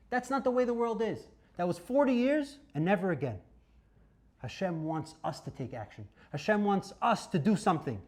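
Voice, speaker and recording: Animated rabbi with a high lively voice. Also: male voice. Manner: dramatic, swings between loud bursts and hushed asides, asks the audience questions. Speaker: rabbi teaching a Torah class. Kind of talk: animated Torah lecture.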